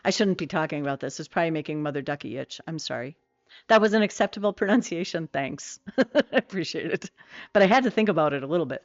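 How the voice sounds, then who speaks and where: A woman's voice: sits low, animated, fast talker, dry recording, muffled recording. A middle-aged woman streaming a game, chatting casually with viewers in a rambling way full of fillers and self-corrections.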